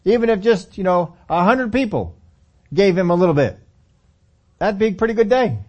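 A man's voice: high voice, lively intonation, moderate pace, a little mellow, muffled recording. Man preaching in a conversational tone. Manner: conversational, acts out scripture dialogue. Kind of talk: sermon.

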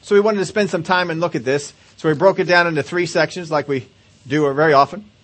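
A man's voice: fairly high pitch, fast talker. A middle-aged man preaching a conversational sermon, chuckling often and acting out whiny, pleading prayers.

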